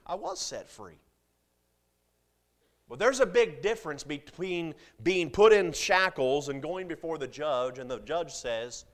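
A man preaching a sermon to a congregation, with big swings in loudness and pitch and jokes with the listeners. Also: sing-song, normal speed.

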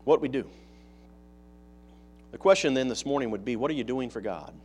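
This pastor's sermon is conversational, his medium-pitched voice expressive and moderately paced, with some hiss or hum in the background. He peppers the congregation with rhetorical questions, raises his volume to stress points, then drops to hushed asides.

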